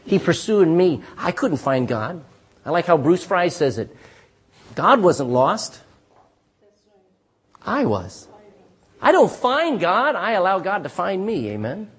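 A man's voice: sits high, very animated, slow pace, long pauses, husky. A man preaching a sermon in a folksy, emphatic way. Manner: folksy, emphatic preaching with sudden loud bursts and chuckles.

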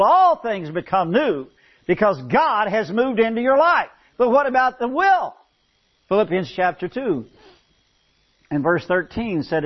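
Animated preacher man, lo-fi recording. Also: high-pitched. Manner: animated storytelling with stammered restarts. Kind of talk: sermon. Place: church with congregation. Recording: dull lo-fi recording.

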